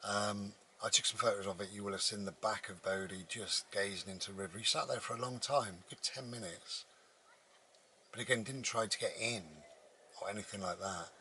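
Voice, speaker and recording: A man's voice: lowish voice, fairly quick, bright, forceful tone, a little hiss or hum, rough recording. A man, a vlogger, telling a personal story in a rambling, casual way with many restarts. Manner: rambling, with frequent restarts and fillers.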